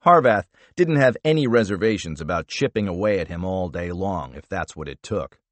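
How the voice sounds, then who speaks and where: A man reading a thriller audiobook in an expressive, measured narration style. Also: low voice, no echo.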